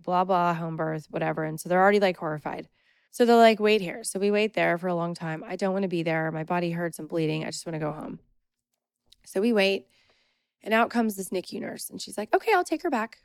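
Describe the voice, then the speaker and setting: A woman's voice: fairly low pitch, no echo, clean studio sound. A young adult woman hosting a podcast, telling a personal story in an emphatic, indignant, casual way. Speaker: podcast host.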